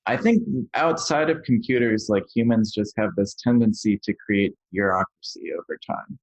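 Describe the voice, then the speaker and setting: A man's voice: lowish voice, moderate pace. A man speaking as a podcast guest, explaining technical points plainly and casually with many fillers. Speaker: guest software engineer. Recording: dry, dull lo-fi sound.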